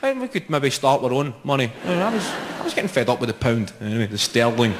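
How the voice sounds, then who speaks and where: A man's voice: medium pitch, very animated, fast, background noise. A young Scottish man doing live stand-up comedy in a large venue, with sweary, mocking banter. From Scotland. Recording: echoey hall with roaring crowd. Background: audience laughter and cheers.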